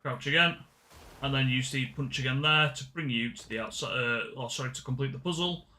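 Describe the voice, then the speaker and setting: A man's voice: medium pitch, brisk, pushed and bright. A man giving casual game walkthrough commentary, chatty and often correcting himself mid-sentence. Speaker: gaming channel host.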